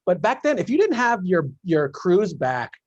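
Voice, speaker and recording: A podcast host in casual chat over a video call, riffing with jokey comparisons and asking questions. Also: male voice, high voice, sing-song, normal speed, dry recording, lo-fi sound.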